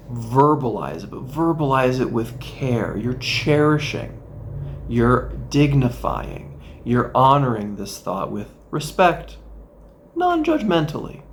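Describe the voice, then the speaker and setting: Gravelly-voiced male therapist guiding calmly. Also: mid-range voice, slight background noise. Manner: gentle guiding delivery with playful asides. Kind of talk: instructional talk with guided exercise.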